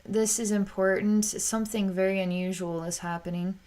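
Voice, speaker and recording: A woman psychic reader narrating a vision as it unfolds, in a halting, searching way with frequent restarts, soft and low-key, rising in pitch when she describes anger. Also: fairly even intonation.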